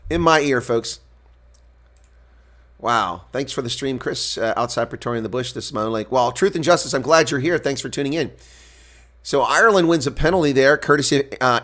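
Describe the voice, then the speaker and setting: Calling a rugby match live on his own, this commentator goes from easygoing play-by-play and talk with his stream viewers to excited shouting when big plays happen. He speaks a little fast in a mid-range voice.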